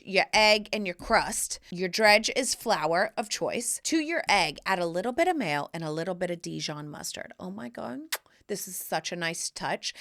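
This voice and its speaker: Woman podcast host, forties, playful and cheeky, bright forceful voice, casual solo chat. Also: medium pitch.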